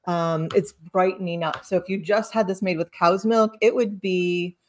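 Chatty woman with a low voice. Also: fairly even intonation, moderate pace, a little hiss or hum. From lives in Sicily. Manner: chatty, explains with many fillers and self-corrections. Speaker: cheese box host. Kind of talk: casual cheese tasting chat.

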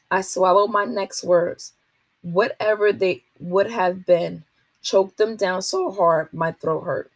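A woman, a teacher, reading a children's novel aloud to a class in a steady, expressive way. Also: fairly low pitch, no room sound.

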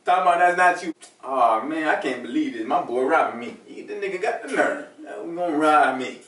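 A man's voice: fairly high pitch, expressive, a little fast, a bit bright. A young man playing an indignant homeowner who scolds his friend in outraged slang in a comedy skit. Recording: roomy and far from the mic.

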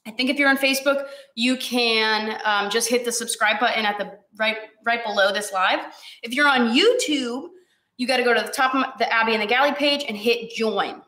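A woman's voice: fairly high pitch, normal speed, bright, forceful tone, reverberant. A young woman hosting a live-streamed cooking class, chatty and encouraging with her viewers, teary and sniffly from cutting onions.

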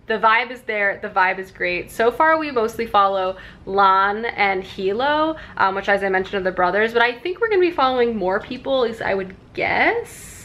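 A woman's voice: medium pitch, expressive, normal speed, few pauses, fairly bright tone. A young woman talking casually to her camera at home in a chatty, upbeat way, with lots of fillers. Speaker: booktube vlogger. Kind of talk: casual vlog chat. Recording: faint background noise.

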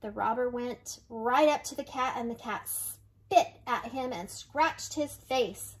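Older woman, high voice, children's read-aloud, gentle and unhurried. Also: slightly rough. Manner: gentle, unhurried reading with slowed dramatic phrases. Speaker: storybook reader.

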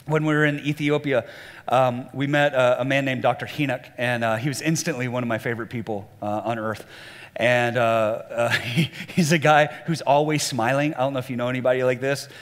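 Male pastor preaching in a reverberant hall. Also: fairly quick. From Southern US. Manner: animated, acts out quoted voices at a much higher pitch. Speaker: lead pastor. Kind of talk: sermon. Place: church auditorium.

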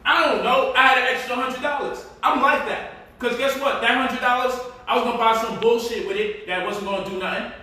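A man's voice: very high voice, fairly even intonation, brisk, bright, forceful tone. A man hosting a casual livestream, teaching stock investing in a loose, joking, slangy way from his home. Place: home, indoors. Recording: echoey room, mic at a distance.

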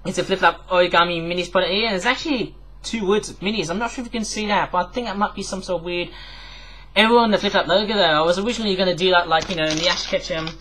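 A man's voice: high voice, fast, fairly bright tone, slight background noise, rough recording. A man from the UK reviewing toys in a casual, rambling vlog, chatting with many fillers. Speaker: toy review vlogger.

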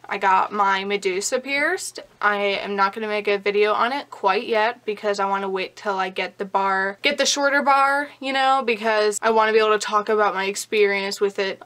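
A young woman, a beauty vlogger, chats casually in a bright, forceful, mid-range voice. She talks with a slight lisp and swears offhandedly as she goes.

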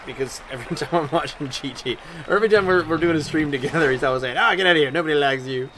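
Brief: excitable gaming man with a lively, bouncing voice, pitched a bit high, over loud game crowd noise. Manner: excitable, chatty, talks back at the game. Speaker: gaming YouTuber. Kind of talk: let's-play commentary.

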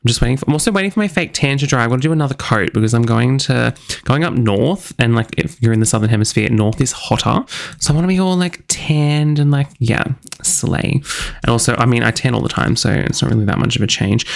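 A man's voice: medium pitch, animated, fast talker, creaky. A young man chatting casually in a bubbly, chatty, self-mocking way while he narrates his gameplay. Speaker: gaming channel host.

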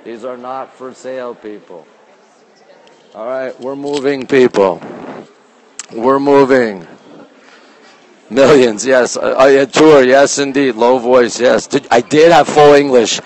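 A man hosting a casual live stream from a phone as he walks through an art museum, reading out artwork titles slowly and greeting viewers by name, sometimes dropping his voice low. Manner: talks low at times to keep quiet. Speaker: livestream host touring a museum. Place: indoor art museum gallery.

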